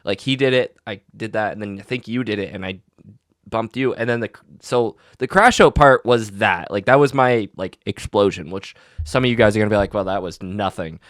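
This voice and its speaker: A young man tells a long story with plenty of ums and restarts. His voice sits fairly low and sounds dry and close to the mic. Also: fairly quick, a bit bright, no room sound. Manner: rambling storytelling with many fillers and restarts. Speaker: podcast co-host. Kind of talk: casual chat.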